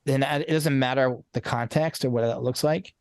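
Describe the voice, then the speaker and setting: Male coach guest: earnest, rambling, restarts often, mid-pitched, dry close-miked sound. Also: fairly even intonation, normal speed, a little mellow, dry recording. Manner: earnest, rambling, frequent restarts and repeated words. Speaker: podcast guest, transformation coach. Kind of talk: casual conversational interview.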